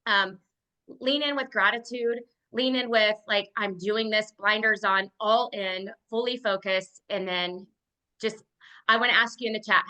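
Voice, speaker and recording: A woman's voice: mid-range voice, sharp tone, poor audio. A woman and team leader giving an earnest motivational testimonial on a video call, with a lot of "like" in her speech.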